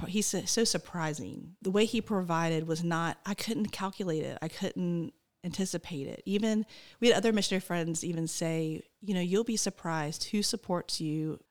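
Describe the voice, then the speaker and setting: Woman in her forties, missionary, animated storytelling, low voice. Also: moderate pace. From North Carolina, USA. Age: 40s. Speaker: missionary guest. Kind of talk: casual testimony.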